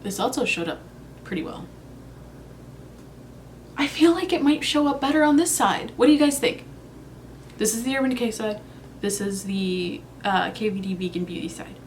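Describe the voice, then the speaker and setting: A woman's voice: sits high, lively intonation, normal speed, pauses often, a little hiss or hum. A young woman chatting casually in a makeup review vlog, thinking aloud and second-guessing herself. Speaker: beauty vlogger.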